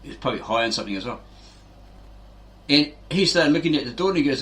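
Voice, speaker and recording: Kiwi bloke rambling on his fitness channel, bright punchy voice, always going "right?". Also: mid-range voice, expressive, fast talker, long pauses. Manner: rambling, keeps asking "right?", acts out quotes. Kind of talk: casual rambling explanation.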